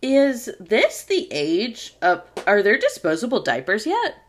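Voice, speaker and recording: A woman's voice: on the high side, wildly swooping pitch, unhurried. A woman co-hosting a podcast, chatting casually and recapping a sitcom episode, laughing often. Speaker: podcast co-host.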